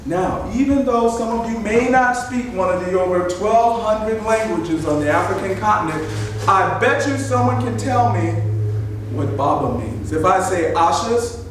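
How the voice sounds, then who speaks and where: High, lively male storyteller in echoey room. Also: measured pace, distant mic, background noise. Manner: animated call-and-response, coaxing the audience. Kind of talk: live storytelling for children. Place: library event room. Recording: echoey room picked up from afar.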